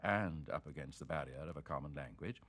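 A deep, low-pitched man reciting literary prose with theatrical flair. His delivery is sonorous and swells from hush to boom. Every phrase is shaped for performance. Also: a little fast. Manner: theatrical, sonorous, sweeping swings of loudness. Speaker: reader. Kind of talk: dramatic reading of literary prose.

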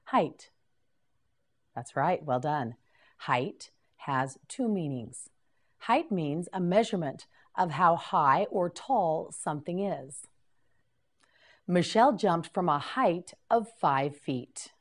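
A woman teaching English vocabulary in a slow scripted lesson, patiently repeating each word for learners to copy. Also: on the low side, lively intonation.

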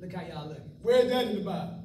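A man delivers a folksy sermon to his congregation in a high, expressive voice, talking fast with a dark tone and throwing in jokes for the crowd. Recorded in an echoey church sanctuary on a far-off mic, the audio carries a slight hiss or hum.

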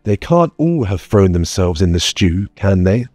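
A man voicing a sharp, sarcastic young adventurer. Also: low voice, big pitch swings, a little slow, no echo, heavily acted. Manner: articulate, sarcastic. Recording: dry close mic, faint music bed.

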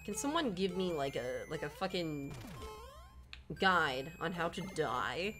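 Slow-talking woman ranting profanely over gameplay. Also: deep voice, big pitch swings, fairly bright tone, soft background music. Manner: profane, melodramatic frustrated ranting. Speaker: streamer. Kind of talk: gameplay livestream commentary.

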